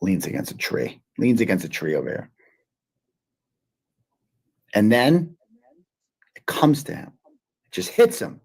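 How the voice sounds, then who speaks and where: A man's voice: on the low side, huge pitch swings, a little slow, vocal fry, long pauses, darkish tone, breathy edge. A man hosting a live stream, mocking what he hears in profane, sarcastic casual commentary. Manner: mocking, sarcastic, swears a lot.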